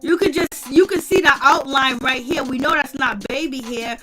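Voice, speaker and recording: Woman host, high and bright, chatty recap commentary, laughs a lot, faint music behind. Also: moderate pace. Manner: animated, chatty, laughs often, addresses viewers and chat. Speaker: host of a reality-show recap channel. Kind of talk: casual commentary.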